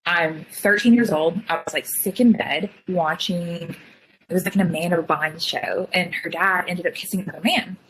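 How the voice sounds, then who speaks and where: A young woman telling her own story in casual chat, full of "like" fillers and quick retellings. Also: on the low side, fairly bright tone, a little hiss or hum, rough recording. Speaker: guest sharing her story.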